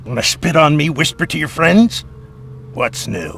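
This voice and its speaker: A gravelly, hunted fishlike outcast. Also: male voice, fairly high pitch, lively intonation, moderate pace, slight background noise. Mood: bitter. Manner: defensive, shouting accusations. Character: fearful, hostile fishlike man on the run. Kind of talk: video game voice acting.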